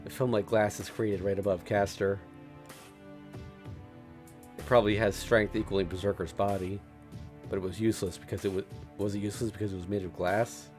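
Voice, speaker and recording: Low voiced guy reading a visual novel out loud on stream, steady w/ little stumbles, faint music. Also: brisk, long pauses. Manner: steady narration with small stumbles and laughs.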